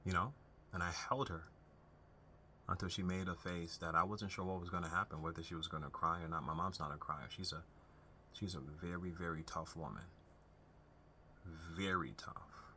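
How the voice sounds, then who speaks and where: A man's voice: low voice, fairly even intonation, a little fast, sharp tone, a little hiss or hum. A young man talking earnestly to camera, giving unscripted advice on family relationships in a conversational way with frequent restarts. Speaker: self-help video host.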